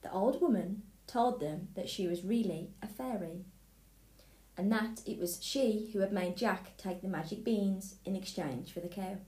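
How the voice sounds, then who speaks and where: A woman's voice: medium pitch, measured pace, warm tone. Woman reading a fairy tale aloud. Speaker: storybook reader. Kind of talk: scripted fairy tale narration.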